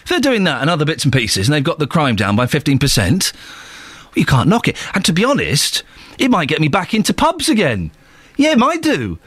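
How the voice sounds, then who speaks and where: A man on a radio show, talking from a studio microphone with a bouncy, animated delivery that swoops up and down. His voice sits a touch higher than most men's and sounds close and dry with no room around it, and he keeps the banter light and teasing. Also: brisk, slightly rough, dry recording. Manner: jokey, teasing, lively banter. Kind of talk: casual radio chat.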